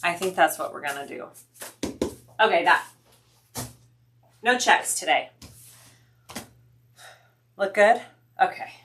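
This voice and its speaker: A woman's voice: fairly low pitch, lively intonation, slow pace, long pauses, fairly bright tone, slight background noise. A woman hosting a sewing livestream, chatting casually with viewers, thinking aloud and answering their comments.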